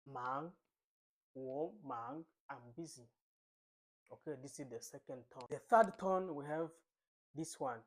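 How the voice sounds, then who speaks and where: A man leads a beginner Mandarin lesson at a very slow, unhurried pace. He stretches out each vowel for the tone drills, repeats every example several times, and keeps prompting the listener to say it back. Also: fairly high pitch. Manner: slow and repetitive, drawing out tone drills; coaxing viewers to repeat after him. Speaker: Mandarin teacher.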